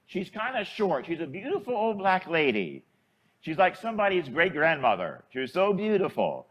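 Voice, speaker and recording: A priest with a fairly high voice tells a homespun story from the pulpit. His delivery is conversational and folksy, and he chuckles as he goes. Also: wildly swooping pitch, moderate pace, husky. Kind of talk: storytelling homily.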